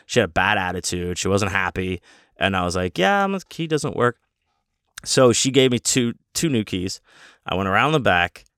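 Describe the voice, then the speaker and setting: A man's voice: low-pitched, fairly even intonation, normal speed, fairly bright tone, clear, resonant tone, no echo, clean studio sound. A man telling a rambling, profane story in a casual way, with many restarts. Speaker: convention guest.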